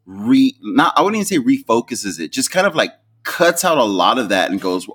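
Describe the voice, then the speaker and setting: A man co-hosting a podcast in casual chat, animated, often restarting sentences and acting out quotes. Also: medium pitch, normal speed, breathy edge. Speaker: podcast co-host.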